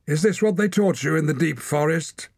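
A man's voice: a little high, moderate pace, gravelly, voice pushed up. A man reading a story, voicing jeering onlookers at a fight. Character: crowd of rough villagers jeering.

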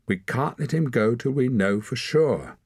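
A man's voice: mid-range voice, lively intonation, unhurried, vocal fry, a little mellow, breathy edge, no room sound, clean studio sound, pitched above the performer's own voice, exaggerated voice. A man voicing a suspicious, insistent young girl in a storybook. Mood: urgent. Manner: urgent, insistent.

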